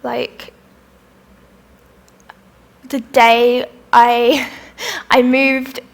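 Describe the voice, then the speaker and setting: A woman's voice: high-pitched, fairly even intonation, very slow. A young woman from Australia whose accent has a British tinge, chatting bubbly and candid as she answers questions at a live talk. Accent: Australian with some British influence. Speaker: festival speaker.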